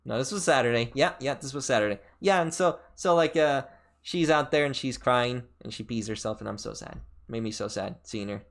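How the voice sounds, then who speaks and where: A man streaming a casual chat, telling a rambling story full of fillers and restarts, his pitch jumping sharply up and down. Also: brisk, fairly bright tone. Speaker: VTuber streamer.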